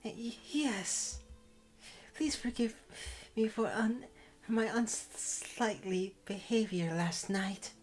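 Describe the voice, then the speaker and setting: A man's voice: high-pitched, slow, faint music behind, voice pushed up. A man voicing a shy, formal young maid woman in a visual novel, polite and hesitant with stumbling starts. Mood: bashful. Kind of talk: reading visual novel lines aloud.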